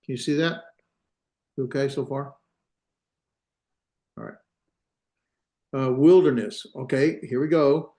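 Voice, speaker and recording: Pausing often, a male Hebrew teacher with a slow, mellow, medium-pitched voice gives a classroom grammar lecture. He works through it aloud, hesitating and correcting himself.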